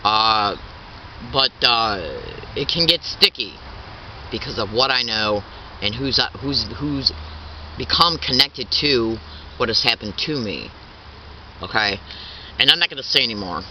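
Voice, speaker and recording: A middle-aged man in his fifties speaks out as an activist, indignant and insistent, stumbling over restarts and repeating himself. He sits at an ordinary pitch and is picked up from some distance on a dull, muffled recording. Faint traffic sounds run underneath. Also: lively intonation, bright, forceful tone. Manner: halting, repetitive, restarts often. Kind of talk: impassioned spoken statement.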